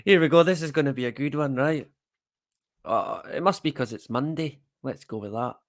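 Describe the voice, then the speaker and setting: A man's voice: medium pitch, moderate pace. A Scottish man hosting a livestream, chatting casually to viewers with self-deprecating, rambling asides. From Scotland. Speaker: livestream host.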